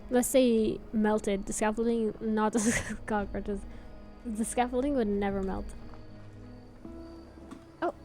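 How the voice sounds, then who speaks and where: A woman's voice: medium pitch, steady tone, slow, pauses often, warm tone, faint music behind. A young Canadian woman with a Canadian accent, chatting casually and laughing often while streaming a game and answering chat.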